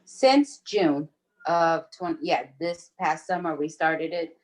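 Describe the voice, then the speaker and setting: Here a Rhode Island woman in her thirties talks slowly with a low-pitched voice. As the owner of a screen-printing business appearing as a guest, she keeps the interview chat easygoing, full of ums and small giggles.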